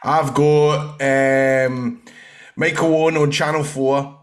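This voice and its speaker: Scottish man, podcast co-host, mid-pitched, rambling storyteller. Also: level tone, takes it slowly. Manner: rambling storyteller, acts out quotes. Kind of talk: casual chat.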